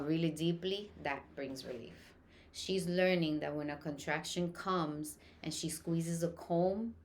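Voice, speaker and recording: A woman's voice: low voice, a little hiss or hum. A woman who attends births, teaching the stages of labor in an earnest, reassuring way and often checking in with "okay?". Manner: earnest, reassuring, repeats key points with "okay?". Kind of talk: teaching talk on childbirth.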